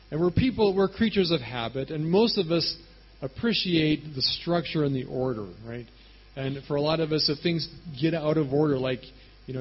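Husky-voiced man preaching conversationally. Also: on the high side, lo-fi sound. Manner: conversational, animated storytelling with frequent "right?". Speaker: pastor. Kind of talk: sermon.

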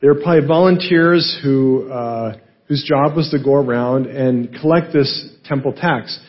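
A male pastor teaching a Bible passage in a relaxed, conversational way, asking rhetorical questions and often adding "right?". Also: medium pitch, a little slow, dull audio.

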